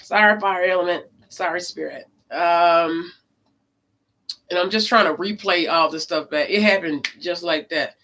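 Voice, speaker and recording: A woman who reads tarot cards, telling a story in a casual vlog. She talks emphatically and swears, swinging between loud and low. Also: a little slow. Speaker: tarot card reader.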